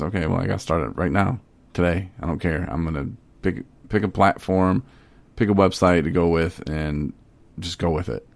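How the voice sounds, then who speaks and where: A man's voice: sits low, dry recording. A man hosting a podcast, telling stories in a rambling, laid-back, casual way. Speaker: podcast host.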